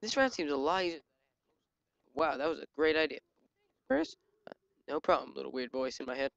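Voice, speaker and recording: A gaming channel host giving excitable live commentary while playing, yelping and joking at enemies. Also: mid-range voice, fairly quick, gravelly, dry recording, muffled recording. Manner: excitable, yelps and jokes at enemies. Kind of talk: live let's-play commentary.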